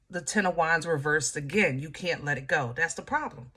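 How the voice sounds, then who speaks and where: A woman's voice: deep voice, moderate pace, fairly bright tone, slight background noise. A woman giving a casual tarot reading, talking straight to her viewers in an emotional, frustrated way, full of fillers and restarts. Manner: drawling, with many fillers and restarts. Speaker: tarot reader.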